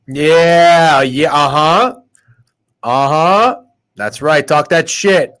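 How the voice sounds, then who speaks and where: A man's voice: fairly high pitch, animated, slow pace, a bit bright. Brash profane man talking sports bets. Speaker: sports betting podcast host. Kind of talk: casual sports betting chat. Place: podcast studio.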